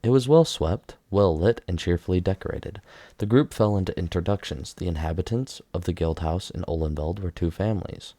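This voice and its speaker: A man narrating a story aloud for a game-lore video in a steady, measured reading voice. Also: low voice, no echo.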